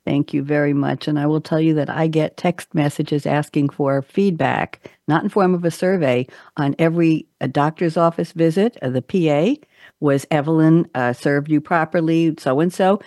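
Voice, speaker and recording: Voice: mid-range voice, moderate pace, darkish tone, no room sound, studio quality. A panel moderator leading a live round table discussion, chatty and teasing, telling anecdotes between questions.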